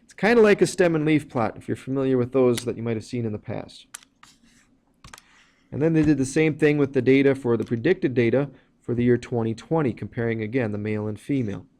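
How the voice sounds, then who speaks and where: Man, math teacher, mellow dark voice, plain step-by-step explanation, occasional ums. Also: mid-range voice, fairly quick. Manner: plain explanatory, walks through steps with fillers. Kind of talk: recorded math lesson.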